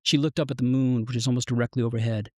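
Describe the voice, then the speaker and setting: A man's voice: mid-range voice, no echo. Man reading his own fiction, dry and close. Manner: measured, even narration. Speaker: author reading his story.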